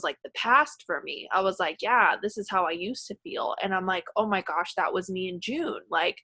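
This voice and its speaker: Bright, dry-voiced woman leading a group call. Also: mid-range voice, no room sound. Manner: gushing, filler-heavy, emotional. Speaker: team leader hosting a group call. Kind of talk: casual supportive group chat.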